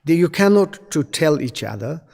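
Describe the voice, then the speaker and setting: A Buddhist teacher, a man, gives a dharma seminar in halting English, often restarting and repeating phrases. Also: on the high side, big pitch swings, gravelly, darkish tone, big-room sound. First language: Tibetan.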